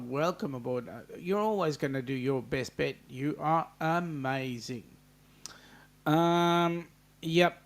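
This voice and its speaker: Greeting viewers by name in a casual live chat, this Australian livestream host speaks slowly in a slightly high voice. He chats loosely and fills his speech with lots of ums.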